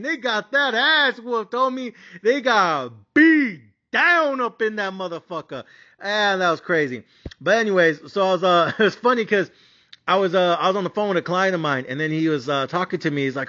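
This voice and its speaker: A rowdy man rants his way through a betting podcast, cursing freely and hyping himself up. His voice sits high with a sharp, bright edge. The recording sounds dull and lo-fi. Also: normal speed. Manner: boisterous, swearing, hyped-up. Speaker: sports betting podcast host. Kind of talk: casual profane podcast rant.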